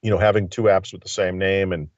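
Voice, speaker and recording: A man's voice: deep voice, little pitch movement, quick pace, no echo. A man talking tech in casual chat, rambling and thinking aloud with lots of fillers, calling in by phone. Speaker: tech commentator. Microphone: phone line. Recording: dull lo-fi phone audio.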